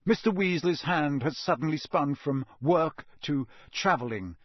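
Expressive man narrating a storybook. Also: on the high side, a little slow, dry recording. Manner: expressive, acts out every character. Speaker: audiobook narrator.

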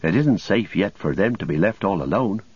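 A man's voice: sits low, animated, moderate pace, breathy edge, no room sound. A man voicing a loyal, plain-spoken young male hobbit with homely speech. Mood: earnest. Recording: dull lo-fi recording.

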